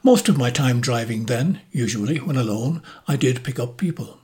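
An older Irish man reads his personal memoir aloud, steady and reflective. His voice often softens to a near-whisper at the ends of phrases. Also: medium pitch. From Ireland. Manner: measured, reflective, often soft and breathy. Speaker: narrator, motoring and travel journalist.

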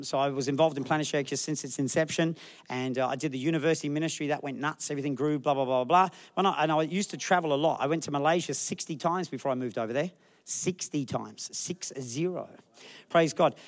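A man preaching a lively sermon in a church, acting out people with funny voices. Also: on the high side, fast. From Australia. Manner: animated, acts out people in the crowd with funny voices. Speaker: pastor.

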